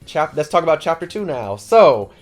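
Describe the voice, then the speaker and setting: A man's voice: a little high, very animated, faint music behind. A man hosting an anime channel, recapping a story in a slangy, offhand way, packed with "like" and "yo". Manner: rapid and slangy, full of "like" and "yo".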